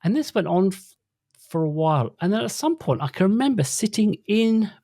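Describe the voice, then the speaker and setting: A man's voice: sits high, big pitch swings, brisk, mellow, no echo, clean studio sound. A man co-hosting a podcast, telling stories in a playful, stammering way during casual chat. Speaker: podcast co-host.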